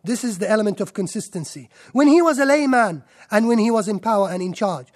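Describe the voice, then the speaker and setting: A man's voice: high voice, animated, fast. A man giving a sermon in an emphatic way, stacking up lists and rhetorical questions. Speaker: preacher.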